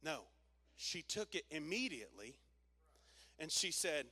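A man's voice: fairly high pitch, expressive, measured pace, vocal fry, sharp tone. A man preaching a sermon, telling a story and calling on the congregation to repeat phrases back. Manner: storytelling, call-and-response with congregation. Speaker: pastor.

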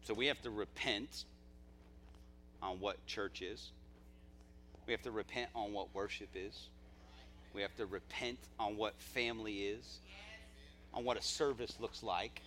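A male pastor preaching at a church service, impassioned, dropping to quiet asides and then rising to near-shouts. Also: on the low side, steady tone, measured pace, pauses often, a little hiss or hum. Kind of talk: live sermon.

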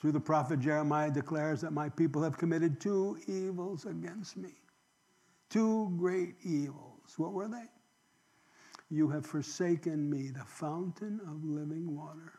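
Older male preacher, high-pitched, sermon delivery that swings between loud emphasis and near-whispers. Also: unhurried. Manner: preaching with rhetorical questions, swinging from loud to hushed; emotional, drops to a near whisper. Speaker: pastor.

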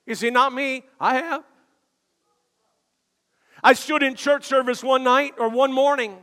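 An older male pastor preaching a sermon, telling stories with frequent "uh" fillers and building to shouted emphasis. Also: extremely high pitch, fairly even intonation, a little slow. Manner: storytelling preacher with many "uh" fillers, rising to shouts. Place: church sanctuary. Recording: long hall reverb.

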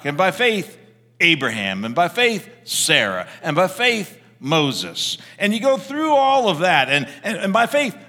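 A male pastor preaches with a lively, swooping delivery and a bright, fairly high voice. He tells his stories loosely and conversationally, often restarting his sentences. The long reverb of a church sanctuary hangs behind him. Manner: animated, conversational, with frequent restarts. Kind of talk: sermon with storytelling.

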